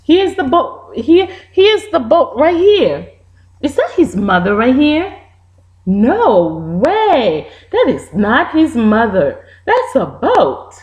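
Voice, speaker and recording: A woman teacher, with Haitian Creole as her first language, reads a children's storybook aloud at a slow, careful pace. Her high voice rises and falls a great deal as she stops to quiz the young listeners. She sounds animated the whole way through. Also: dull audio. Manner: animated, asks the children questions.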